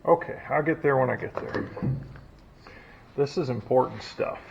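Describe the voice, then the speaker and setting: A man's voice: mid-range voice, moderate pace, creaky. A man chatting casually while he works on an old truck in his garage, joking about himself as he goes. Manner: chatty, self-deprecating, talks while working. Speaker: hobby mechanic restoring a truck. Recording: dull lo-fi audio with faint noise. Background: logging machinery next door.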